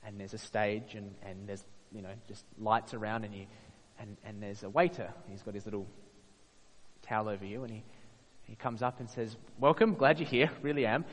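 A man preaching a sermon in an earnest way, swelling to emphatic peaks and then dropping soft. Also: fairly low pitch, little pitch movement, normal speed, long reverb tail, low-quality recording.

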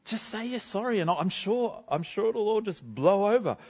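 A man's voice: sits high, animated, moderate pace, a little mellow, husky, muffled recording, exaggerated voice. A man giving a first-person sermon in character as a cheerful, chatty apostle, talking to a congregation in a school gym. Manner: chatty, self-deprecating, bubbly. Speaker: guest speaker.

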